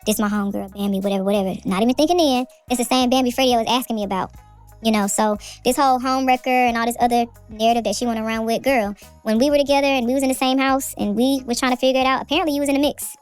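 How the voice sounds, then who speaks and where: A woman telling a story in a lively chat, quick and animated, acting out the people in it. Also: high-pitched, smooth, faint music behind. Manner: lively, quick, acts out voices in her story. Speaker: co-host telling her story.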